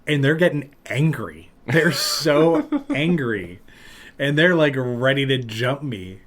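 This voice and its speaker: A man hosting a podcast, telling a long story in casual chat and loudly acting out what people said. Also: medium pitch, slow pace. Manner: animated, acts out loud quotes of other people. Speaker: podcast host.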